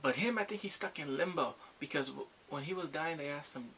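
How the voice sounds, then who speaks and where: Gravelly, bright-voiced excited man. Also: on the high side, brisk, a little hiss or hum. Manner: animated, emotional, acts out the characters' lines. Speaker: drama reviewer. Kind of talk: excited casual plot recap.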